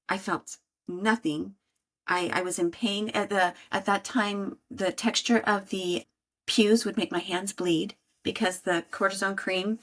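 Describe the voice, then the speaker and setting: A middle-aged woman sharing her healing story in conversation, animated and acting out her own inner voice. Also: on the low side. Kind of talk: conversational interview talk.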